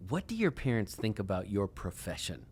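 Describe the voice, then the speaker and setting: A man's voice: on the low side, big pitch swings, a little fast, darkish tone, breathy edge. A man hosting a podcast who chats casually, jokes around and asks his guest follow-up questions. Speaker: podcast host. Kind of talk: casual interview chat.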